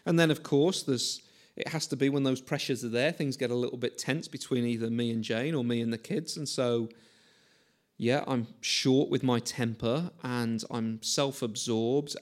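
A man's voice: mid-range voice, vocal fry. A man in his forties preaching a conversational sermon, chatty and self-mocking, often asking the listeners questions.

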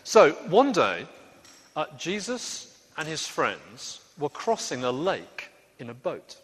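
A man leading a lively, interactive Bible story for a congregation, coaxing the crowd into sound effects. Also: on the high side, slow, a little hiss or hum. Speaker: preacher leading a children's talk. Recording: echoey hall with faint ambience.

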